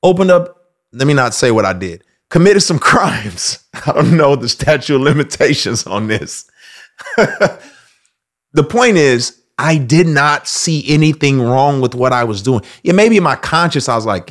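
A man hosting a casual commentary monologue, animated, acting out quoted voices with loud outbursts. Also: a little high, normal speed. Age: adult. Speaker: host.

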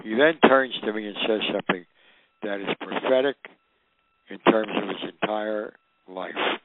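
An older man telling stories in an animated way, acting out the voices of the people in them. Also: lowish voice, measured pace, no room sound. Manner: animated, acts out quoted voices. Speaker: guest storyteller. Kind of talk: recounting anecdotes. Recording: tinny phone-like radio line.

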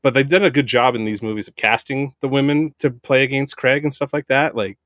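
Guy rambling about movies on a podcast, swears a lot, gets excited, super dry mic. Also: mid-range voice, fairly quick, dry recording. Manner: rambling, profane, excitable, lots of fillers. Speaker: podcast co-host. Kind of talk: casual movie review chat.

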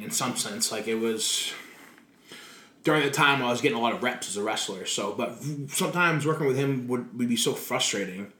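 A man being interviewed, telling stories in a lively way, swearing freely and laughing as he talks. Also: mid-range voice, slight background noise. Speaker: guest wrestler. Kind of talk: casual interview storytelling. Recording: roomy echo.

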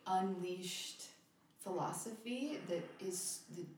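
A woman's voice: on the low side, takes it slowly, slight background noise. A young woman guesting on a podcast, talking candidly and emotionally with casual swearing. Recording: very echoey room, voice a bit far from mic.

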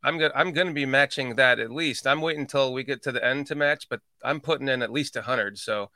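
A man's voice: mid-range voice, fast, pushed and bright, no room sound. A man hosting a podcast livestream in casual chat, rambling, swearing and laughing at his own slips. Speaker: podcast host.

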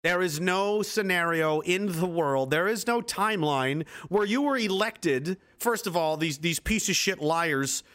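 Man in his twenties, streamer, heated and sarcastic, swears a lot, fairly high voice. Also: a little slow, hardly any pauses, fairly bright tone. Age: 20s. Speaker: livestream host. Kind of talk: angry political rant on a livestream.

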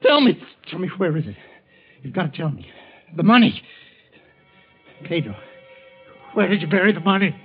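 An actor playing a greedy, scheming thief and killer in a 1940s radio drama. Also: male voice, high voice, sing-song, moderate pace, pauses often, husky, soft background music, heavily acted. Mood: desperate. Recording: muffled old radio broadcast.

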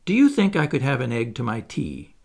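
A man's voice: mid-range voice, wildly swooping pitch, fairly quick, creaky, heavily acted. A man reading the part of a haughty, stiff older nobleman in a play. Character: older male aristocrat, haughty, fussy.

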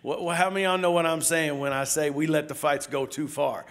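A middle-aged pastor preaches a sermon at a brisk clip in a slightly high, steady voice. He tells stories and puts questions to the congregation, swinging between loud outbursts and quiet asides.

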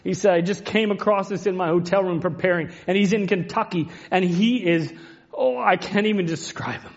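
A high-pitched male preacher gives an emotional, impassioned sermon retelling a story at a moderate pace. He swings between hushed, tender passages and rising, ringing cries. The recording is dull and lo-fi, muffled at the top end.

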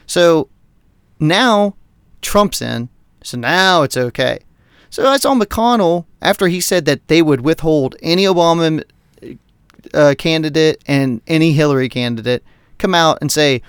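Male podcast co-host, smooth resonant voice, higher register, heated profane rant, dry close sound. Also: measured pace, dry recording. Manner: profane, heated, animated ranting. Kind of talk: casual political rant.

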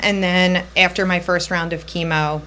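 A woman in her thirties, a podcast guest, recounts her personal story in quick, looping bursts, jumping between moments and voicing the people she quotes. Her voice is lowish and sharp-toned with a flat delivery, and there's slight background noise.

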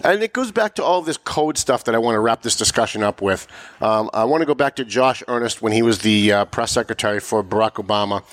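A man's voice: on the low side, lively intonation, a little fast, dry recording. A man hosting a political talk show, emphatic and pushing his voice up sharply when making a point. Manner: emphatic, rising to sharp mocking peaks. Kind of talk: political commentary chat.

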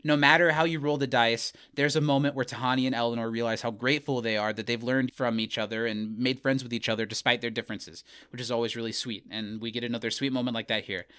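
A man co-hosting a podcast, casually recapping a TV episode and acting out quick character quotes with laughs. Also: mid-range voice, steady tone, a bit bright, smooth. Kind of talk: casual chat.

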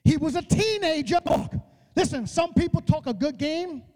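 A man's voice: extremely high pitch, expressive, normal speed. A man preaching a sermon with fervent, repetitive exhortation, often adding "uh" before his phrases. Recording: loud music behind the voice.

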